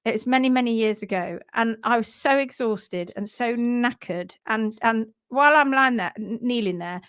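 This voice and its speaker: Woman host, hoof trimming instructor, lively storyteller, somewhat high voice, live-stream chat. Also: normal speed, clean tone. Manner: animated, acts out sounds and voices.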